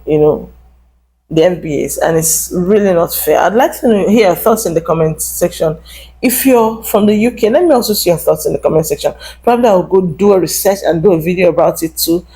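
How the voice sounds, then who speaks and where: A woman's voice: fairly low pitch, rough recording. A young adult woman vlogger giving emphatic, casual commentary straight to her viewers. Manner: animated, emphatic, addresses viewers directly.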